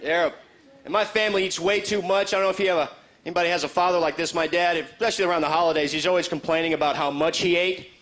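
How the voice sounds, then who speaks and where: A man doing a stand-up comedy set in a club, animated and slipping into high character voices. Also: very fast. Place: comedy club stage with a laughing audience. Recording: live club recording with crowd and noise.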